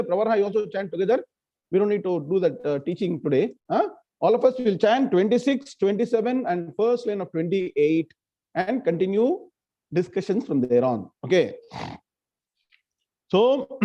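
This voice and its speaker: A man's voice: high voice, mellow. A man leading an online scripture class, often quizzing students by name. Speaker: scripture teacher. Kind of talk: online lecture. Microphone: video call. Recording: muffled lo-fi online class audio.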